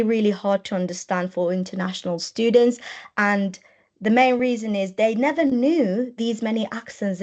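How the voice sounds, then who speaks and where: A woman's voice: mid-range voice, a little mellow. Woman giving a webinar talk. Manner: explanatory, repeats and rephrases while talking. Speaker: webinar presenter. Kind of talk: webinar lecture. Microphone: computer mic on a video call.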